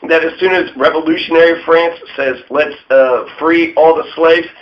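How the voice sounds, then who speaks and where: A man's voice: fairly high pitch, fairly even intonation, normal speed. Irreverent man with lo-fi sound. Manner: irreverent, swears often, mocking asides. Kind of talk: profane casual history monologue. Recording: dull lo-fi sound.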